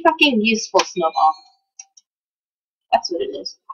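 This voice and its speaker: A woman giving excitable, profane commentary while playing a game, talking back to the characters on screen. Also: mid-range voice, measured pace, muffled recording, slight background noise. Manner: excitable, swears a lot, talks to game characters. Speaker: let's play gamer. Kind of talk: casual gameplay commentary.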